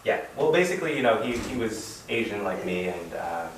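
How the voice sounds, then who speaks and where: This fellowship speaker, a man in his thirties from Reno, Nevada, gives a casual, sermon-style talk in a lowish voice, very animated and fairly quick, rambling with plenty of "you know" and "like." It's recorded in an echoey room on a distant mic with background noise.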